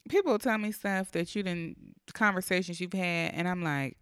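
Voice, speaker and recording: A woman with a smooth, clear voice talks casually and adds details to a shared story. Her voice sounds close and dry, with no room echo. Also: lowish voice, normal speed. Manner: chimes in with frequent affirmations, adds details. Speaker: wife and co-speaker. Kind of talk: casual conversation.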